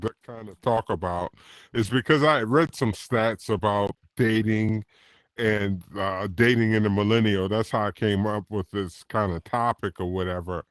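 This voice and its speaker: Halting man hosting a chat. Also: lowish voice, clean tone, no echo. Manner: halting, repeats words. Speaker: host. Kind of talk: casual group discussion.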